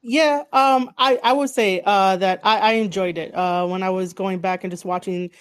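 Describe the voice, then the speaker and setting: A woman's voice: mid-range voice, steady tone, moderate pace, clean tone. A woman hosting a casual interview, rambling with many fillers and easy laughs. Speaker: interviewer, podcast host.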